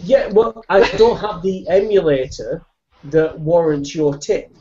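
A man's voice: fairly high pitch, expressive, a little slow, dull audio, a crowd in the background. A man chatting casually on a video call, blunt and crude, swearing freely.

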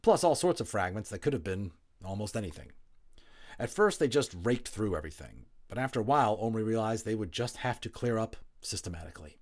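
Relaxed low-voiced man reading aloud. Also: fairly quick. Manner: relaxed, chatty asides, small slips. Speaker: audiobook reader, voice actor. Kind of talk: reading a novel aloud with casual asides.

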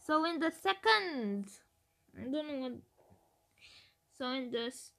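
High, bright-voiced woman thinking aloud. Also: lively intonation, slow, gravelly. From Romania. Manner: hesitant, thinking aloud with restarts. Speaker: gaming video creator. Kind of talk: casual game-theory chat.

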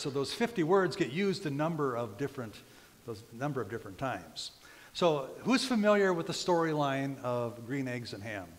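A man preaching a sermon as pastor, telling a story in a relaxed, conversational way with frequent fillers. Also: medium pitch. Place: church. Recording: reverberant church hall.

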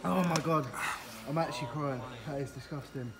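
A man's voice: a little high, moderate pace, very noisy. A man, teasing and goading a mate in casual banter, laughing often. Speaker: builder egging on a mate.

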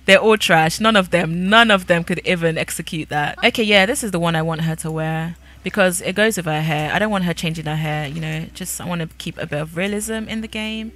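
A woman's voice: on the low side, fairly quick, few pauses, fairly bright tone. A woman giving casual, sassy commentary while playing a life-sim game, chatty and nosy. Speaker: gaming creator.

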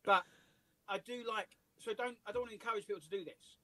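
An English comedian telling animated anecdotes with voices and laughs in a casual interview over a video call. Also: male voice, high-pitched, quick pace, poor audio. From England. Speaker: comedian guest.

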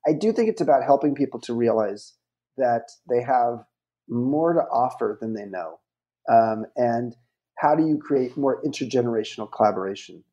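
A middle-aged man speaks as a guest on a podcast interview, his voice mellow and warm at an ordinary pitch. He talks in measured, reflective phrases, now and then pausing with an um. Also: expressive, muffled recording.

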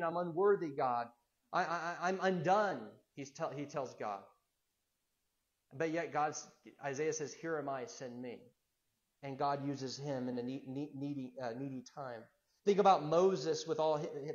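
Earnest preaching man, slightly high voice. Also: highs cut off. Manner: earnest preaching with rhetorical questions and repetitions. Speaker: pastor. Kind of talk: sermon.

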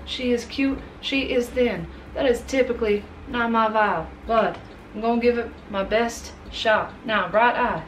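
A woman talks through a casual makeup tutorial and keeps joking with her products and herself. Her voice sits slightly high. It sounds roomy and a little distant from the mic. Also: slight background noise. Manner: chatty, jokey asides to products and herself. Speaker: makeup vlogger.

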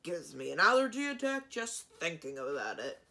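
A woman voicing a loud, huffy old male dragon in a storybook reading. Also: fairly low pitch, big pitch swings, moderate pace, creaky, heavily acted. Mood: blustering.

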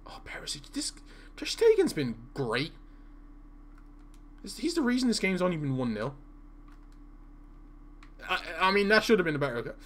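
Gaming streamer, male, slightly high voice, stutters and repeats words, loose chatty delivery. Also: big pitch swings, a bit bright. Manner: halting, repeats words, filler-heavy. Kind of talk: casual live-stream chat while playing.

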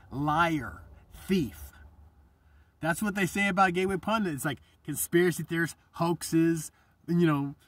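A man's voice: on the high side, breathy edge, dry recording, recorded from a distance. A man hosting his own channel, delivering a rambling, profane, agitated monologue. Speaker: channel host. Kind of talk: ranting monologue.

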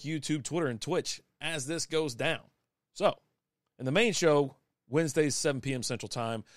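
Guy in his 40s, casual live stream chat, rambly, middle pitch, dry mic. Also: dry recording. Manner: rambling, chatty, with many restarts. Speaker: podcast host. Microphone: desk microphone.

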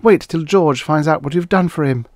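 A man voicing an anxious young woman stranded on a wild planet, high-pitched and pleading. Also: moderate pace, dry recording, studio quality, lightly acted.

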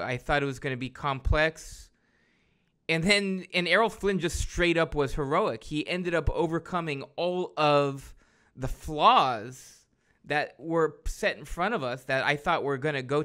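A man with a bright, clear voice chats eagerly on a podcast, rambling with filler words. His tone is smooth and a bit high. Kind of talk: casual chat.

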